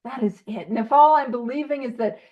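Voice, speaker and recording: A woman leading a recovery study over a video call, animated and self-teasing, asking question after question. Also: on the high side, fairly quick, dull audio.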